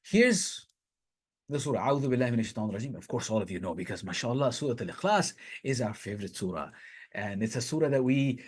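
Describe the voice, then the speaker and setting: Husky-voiced man teaching a Quran lesson. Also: mid-range voice, expressive, racing. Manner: conversational, explains step by step and recites Arabic verses. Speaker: Islamic teacher. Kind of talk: Quran lesson explaining verses.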